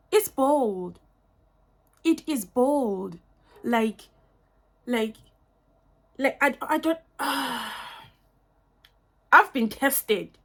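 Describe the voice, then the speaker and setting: Gushing young woman reviewing perfume. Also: sits high. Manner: gushing, effusive, lots of fillers and repeats. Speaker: beauty vlogger. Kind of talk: casual perfume unboxing review.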